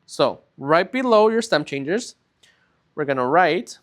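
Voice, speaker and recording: A man's voice: on the high side, big pitch swings, slow. Man teaching a lesson in a raised voice. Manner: patient step-by-step explaining, often checks in with "right?". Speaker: Spanish teacher. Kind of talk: recorded classroom lesson.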